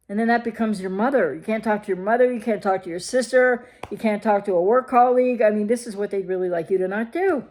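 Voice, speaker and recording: Her voice sits on the high side with a darkish tone, and she talks fairly quickly. She's a recovery coach giving advice straight to camera, emphatic and leaning heavily on rhetorical questions.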